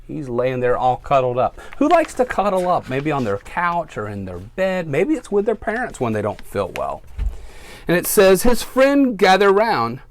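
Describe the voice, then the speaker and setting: A man who works as a firefighter reads a picture book aloud to children, with a lively storytime manner. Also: medium pitch, moderate pace, hardly any pauses, a little hiss or hum.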